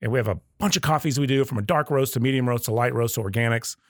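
A man's voice: medium pitch, fast talker, dry recording. A man from the Southern United States, a company leader, telling stories in a casual podcast interview and acting out customer quotes. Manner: storytelling, acts out customer quotes. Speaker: guest, coffee company leader.

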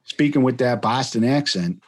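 A man's voice: medium pitch, lively intonation, normal speed. A man from Chicago hosting a casual podcast chat, rambling with many restarts. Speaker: podcast host.

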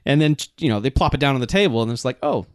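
A man co-hosting a casual movie recap chat, laughing often and jumping into high squeaky character bits. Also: rapid-fire, no room sound, clean studio sound. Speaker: podcast co-host.

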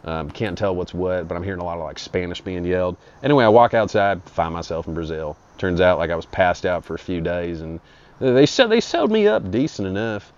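A man with a very low voice spins a rambling, foul-mouthed comic tale in an improvised monologue. The recording sounds dull and lo-fi. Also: expressive, brisk. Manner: crude, profane, rambling. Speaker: storyteller. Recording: dull lo-fi audio.

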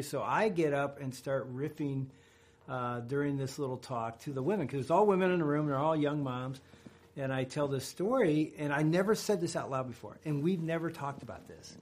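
A middle-aged man co-hosting a radio talk show, telling a story with animated quotes. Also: a little high, moderate pace. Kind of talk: casual storytelling chat.

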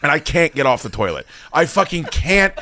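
A podcast host in his thirties tells a long, rambling, self-mocking story, swearing constantly. His voice sits on the high side, pushed and bright, with big pitch swings at a moderate pace. The studio sound is clean and dry, with no room sound.

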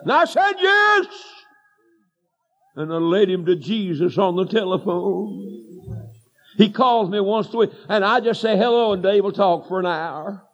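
A man preaching a revival sermon in church, telling homespun stories that build to shouted declarations. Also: sits high, normal speed, soft background music. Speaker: evangelist preacher. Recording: dull lo-fi sermon recording.

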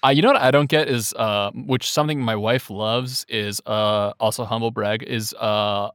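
A man's voice: on the low side, steady tone, moderate pace, a bit bright, clean tone, dry recording, clean studio sound. A young man co-hosting a podcast, joking and rambling in casual chat with lots of fillers. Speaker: podcast co-host.

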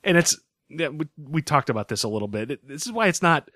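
A man's voice: fairly high pitch, big pitch swings, fast, fairly bright tone, no echo, clean studio sound. A man hosting a podcast, chatting casually, joking and swearing freely. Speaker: podcast host.

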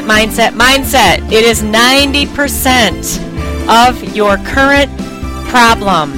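A woman's voice: on the high side, a bit bright. Emphatic woman hosting a coaching podcast. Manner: emphatic, repetitive, direct to listener. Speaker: podcast host and weight loss coach. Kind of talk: scripted podcast monologue.

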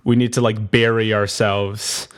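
A man telling an improvised comedy story on a podcast. He talks in a rambling, excitable way. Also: fairly low pitch, measured pace, clean tone. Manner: rambling, excitable, many restarts.

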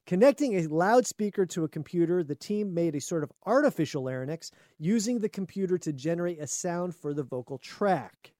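A man with a high voice reads a science story aloud and riffs on it in a loose, jokey chat. The sound is dry and close, with no room around it. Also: animated, brisk, hardly any pauses, dark tone, no echo. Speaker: podcast co-host. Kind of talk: casual chat, reading news aloud.

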